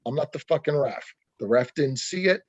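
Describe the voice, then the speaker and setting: A man's voice: mid-range voice, animated, moderate pace, husky, no room sound, muffled recording. Blunt, profane arm-wrestling man. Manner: blunt, profane, heated ranting. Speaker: interview guest, arm wrestler. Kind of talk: casual interview over a call.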